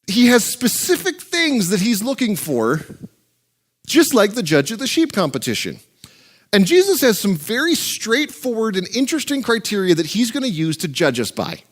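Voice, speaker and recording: A man's voice: high voice, huge pitch swings, normal speed. A male pastor preaching a sermon in a joking, conversational way.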